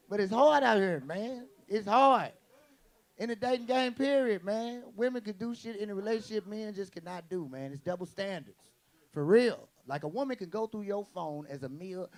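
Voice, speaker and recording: On stage doing stand-up, a man fires off quick, punchy, profane lines in a high, gravelly voice, acting out quotes with brash energy. Laughter from the audience swells behind him.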